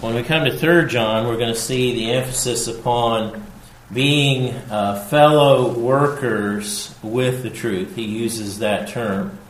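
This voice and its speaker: A man preaching a sermon, slow and emphatic, repeating his key phrases. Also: medium pitch, slight background noise. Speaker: pastor. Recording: echoey room with faint ambience.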